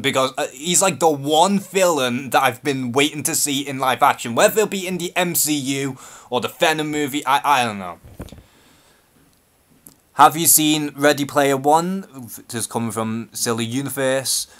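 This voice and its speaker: A man's voice: mid-range voice, fairly bright tone. A man from Liverpool with a Scouse accent, hosting a live-stream Q&A and speaking in a nervous, hesitant, unscripted way. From Liverpool, England. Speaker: YouTube channel host.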